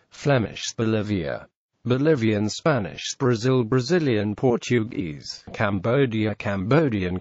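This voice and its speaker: A man's voice: fairly low pitch, a little mellow, dry recording, dull audio. A man reading out a vocabulary list word by word for learners, with list intonation. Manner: reads word by word with rising and falling list intonation. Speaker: vocabulary reader.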